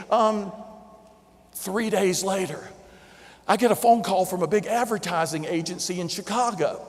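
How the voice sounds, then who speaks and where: A man with a Southern drawl delivers a lively storytelling keynote and chuckles at his own anecdotes. His voice sits high for a man. The long reverb of a huge convention hall trails after each phrase. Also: measured pace. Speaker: motivational keynote speaker. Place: large convention center hall before a big audience.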